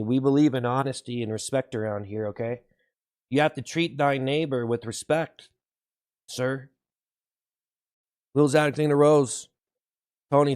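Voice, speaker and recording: A man hosting a livestream, shouting repeated whoops between slow, sarcastic slogans praising himself to his viewers. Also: mid-range voice. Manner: sarcastic, ironic self-praise. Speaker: livestream host. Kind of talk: mock-hype livestream chat with viewers.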